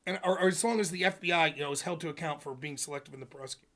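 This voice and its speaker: High, bright, animated male ranter. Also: rapid-fire. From United States. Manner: animated, profane ranting. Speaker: livestream host. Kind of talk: casual political chat.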